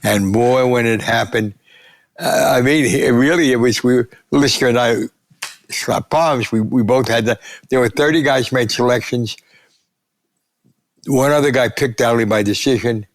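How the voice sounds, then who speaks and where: An older man, a sportswriter guest, telling animated anecdotes and acting out quotes in an interview. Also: mid-range voice, measured pace, no room sound. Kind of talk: storytelling interview.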